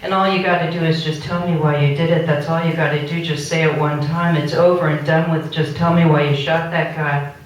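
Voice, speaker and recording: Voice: mid-range voice, level tone, a little fast, highs cut off, slight background noise. Distant poet reciting in a very echoey gallery. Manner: recites found speech and court record text aloud. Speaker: poet performing a reading. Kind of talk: conceptual poetry reading of found transcripts. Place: art gallery, indoors. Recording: very echoey room recorded from far off.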